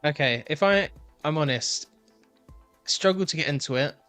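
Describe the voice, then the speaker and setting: Hesitant man giving a measured opinion. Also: on the high side, animated, fairly bright tone, faint music behind. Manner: hesitant, lots of ums, weighing his words. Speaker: panelist. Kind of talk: casual panel chat.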